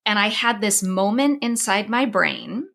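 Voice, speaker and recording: A woman's voice: mid-range voice, lively intonation, unhurried, gravelly, fairly bright tone. Candid woman host telling a personal story. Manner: candid, emotional, with many restarts and fillers. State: crying at times. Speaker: podcast host and psychologist.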